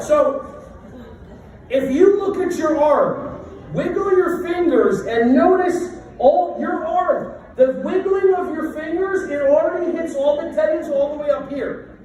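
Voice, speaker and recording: A man's voice: extremely high pitch, slow, a little mellow. A middle-aged man leading a stretching workshop for a group, talking in a playful, joking, self-deprecating way. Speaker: workshop presenter. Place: large room with a live group. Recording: echoey room from a distant mic.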